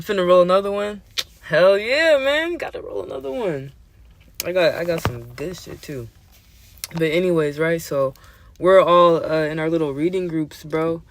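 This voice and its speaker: A man hosting a casual show, telling a story in an animated, slangy, profane way, often laughing. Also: a little high. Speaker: host.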